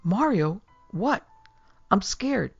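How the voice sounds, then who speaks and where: A woman's voice: mid-range voice, big pitch swings, extremely slow, vocal fry, husky, no room sound, lo-fi sound, faint music behind, pitched above the performer's own voice, full character voice. A woman voicing a frightened young woman who sounds anxious and urgent, near panic, in a horror story reading.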